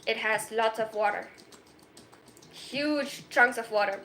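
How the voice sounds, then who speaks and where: Giggly, high-pitched young woman. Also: slow pace, a little hiss or hum. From Germany. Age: 20s. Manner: excitable, giggly, rambling with self-mocking jokes. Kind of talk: casual chat. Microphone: phone.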